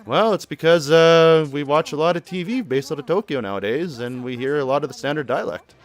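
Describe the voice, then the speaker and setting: Laughing frequently, this gameplay commentator talks casually over his game and sums up what the characters say. He has a fairly high, expressive voice and speaks fairly quickly.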